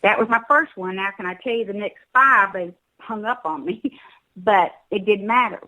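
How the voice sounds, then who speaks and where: A woman's voice: mid-range voice, normal speed, bright, forceful tone, poor audio. A woman with a Southern US accent calling in to a talk show. She urges listeners emphatically and often stumbles and repeats her words.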